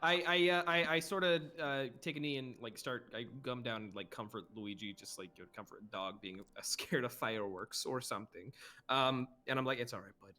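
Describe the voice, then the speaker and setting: A man's voice: medium pitch, brisk, hardly any pauses, bright, forceful tone. A man playing a tabletop game, describing his actions with hesitant restarts. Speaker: player. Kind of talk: tabletop role-play.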